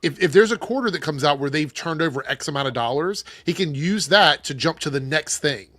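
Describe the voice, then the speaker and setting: A man's voice: fairly high pitch, lively intonation, fairly quick, a bit bright, dry recording, soft background music. Blunt, opinionated male panel host. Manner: opinionated, blunt, reads super chats aloud. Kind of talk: casual panel chat.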